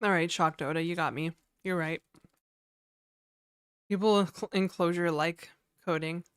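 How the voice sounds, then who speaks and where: A woman's voice: on the low side, fairly even intonation, unhurried, clear, resonant tone, no room sound, studio quality. A young woman live-coding on a stream, chatting casually and wryly with viewers and answering their comments. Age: young adult. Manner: offhand and wry, talking straight to viewers.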